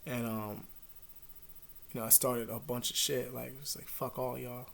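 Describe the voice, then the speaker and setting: A young man talks loosely to his camera at home, swearing freely and rambling from one thought to the next. His voice sits in a plain middle register. It dips to a low mutter and then breaks out loud again. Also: steady tone, normal speed, creaky. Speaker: vlogger. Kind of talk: casual confessional talk to camera.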